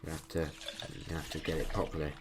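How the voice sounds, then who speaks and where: A young man with a low, deep voice talks through a game in a relaxed, rambling way, filling pauses with ums. His home mic picks up a steady hiss of noise behind him. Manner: rambling, thinking aloud, frequent ums. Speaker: gameplay commentator. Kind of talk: casual let's-play commentary.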